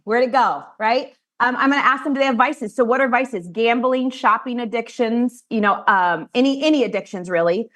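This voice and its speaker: A woman and financial advisor teaching colleagues how she runs client meetings, talking directly and acting out what she says to clients. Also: a little high. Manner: animated, direct, acts out client conversations. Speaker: financial advisor training peers. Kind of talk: training talk to colleagues.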